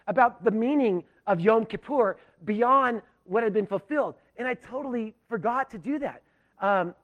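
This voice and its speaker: A pastor from Southern California telling a self-deprecating story in a sermon, animated and full of restarts. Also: male voice, sits high. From Southern California, USA.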